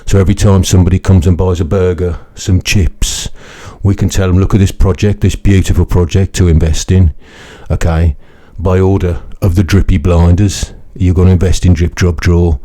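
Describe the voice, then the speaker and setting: A dazed crypto promoter, as a man puts him on, with a low, mellow voice. He rambles his sales pitch quickly. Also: level tone. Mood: dazed hype. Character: dazed male burger-van crypto promoter.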